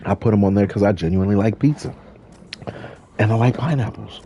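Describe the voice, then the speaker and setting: A man's voice: fairly low pitch, a little fast, dark tone, slight background noise. A young man rambling through a casual, profane Q&A with viewers while playing a driving game. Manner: rambling, profane, loose slang. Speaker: YouTuber answering viewer questions.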